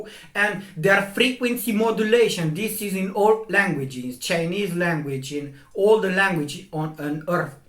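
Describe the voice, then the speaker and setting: A man hosting his own video channel, talking in a rambling monologue, halting and repeating himself as he explains and sounds out vowels and consonants. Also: high voice, a bit bright. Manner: halting, repetitive, restarts words often. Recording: roomy echo.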